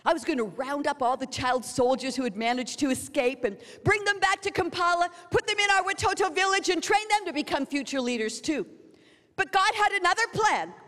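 A woman's voice: sits high, brisk, a bit bright, long reverb tail. A woman preaching a sermon, telling stories dramatically and acting out what others said. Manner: dramatic storytelling, acting out quotes.

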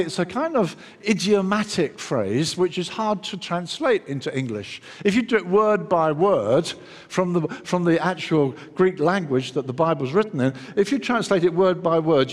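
A man with a fairly high voice preaches a sermon, his words ringing with a long reverb as if in a church hall. He talks in an animated way, acting out the lines he quotes and restarting his sentences as he goes. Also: moderate pace.

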